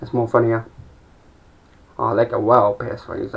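A man's voice: mid-range voice, level tone, normal speed, creaky, slightly rough. A young man rambling through a sweary stand-up monologue with mumbled asides. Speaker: amateur comedian. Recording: dull lo-fi home recording.

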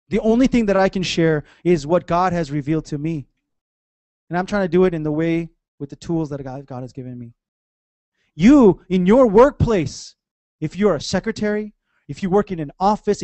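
A man preaching a sermon in church, conversational and animated, with playful asides to the congregation. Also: sits high, dry recording. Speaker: pastor.

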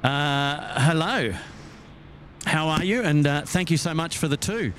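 A man's voice: a little high, unhurried, fairly bright tone. A middle-aged Australian man hosting a live stream outdoors at night, reading viewer messages with many "uh" fillers and cheery thanks. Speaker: livestream host. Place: outdoors at an airport at night, windy. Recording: outdoor noise, wind and traffic.

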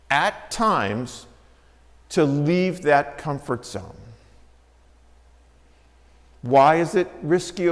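A high-pitched man preaching to his congregation in a church sanctuary. His voice rings with a long reverb tail off the walls. He tells the story lively, dropping soft and low for quotes and rising again. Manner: storytelling, acts out quoted lines with shifting pitch and volume. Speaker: pastor. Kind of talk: sermon.

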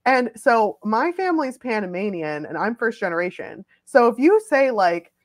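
A young adult woman telling funny personal stories in a casual, animated chat, full of "like" fillers. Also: on the high side, moderate pace. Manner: chatty, filler-heavy, animated.

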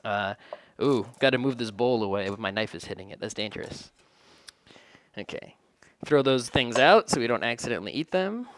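A man's voice: mid-range voice, expressive, moderate pace, fairly bright tone, no echo. A man casually narrating his home cooking in a kitchen, rambling and joking at his own expense. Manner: joking, rambling, self-deprecating. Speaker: home cook vlogger.

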